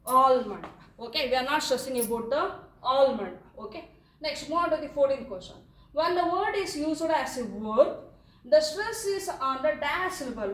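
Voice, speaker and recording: A woman with an Indian English accent, an English teacher walking through exam answers, repeating each option slowly and saying okay often. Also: high-pitched. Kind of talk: exam answer walkthrough lesson. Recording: echoey room, voice from a distance.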